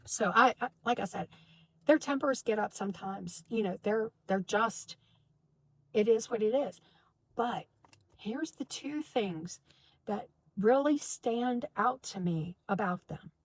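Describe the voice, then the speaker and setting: A woman telling a personal story to her viewers in an animated, emphatic way, with many restarts. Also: a little high, slow, no echo. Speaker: spiritual vlogger. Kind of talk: casual storytelling to camera.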